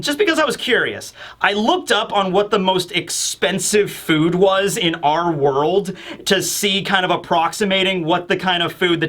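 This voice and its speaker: A man with a high, bright voice chatting through a manga chapter review. He rambles with lots of fillers and bursts of animation. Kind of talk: casual commentary.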